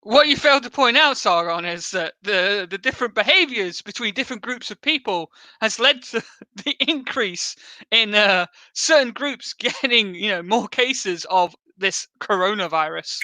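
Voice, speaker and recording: A man's voice: high-pitched, expressive, moderate pace, bright, forceful tone. A man co-hosting a reaction show, mocking in tone and laughing often. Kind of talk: casual chat.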